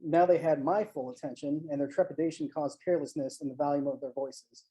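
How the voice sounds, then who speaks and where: An author giving a live online reading of a first-person short story, in a steady, measured storytelling manner. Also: medium pitch, poor audio. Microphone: home mic on a live online stream.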